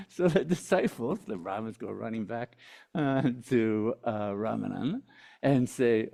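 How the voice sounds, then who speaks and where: A man's voice: mid-range voice, expressive, slow pace, vocal fry, long pauses, mellow. A man giving a spiritual teaching talk, telling a story and checking in with his listeners by asking "hmm?".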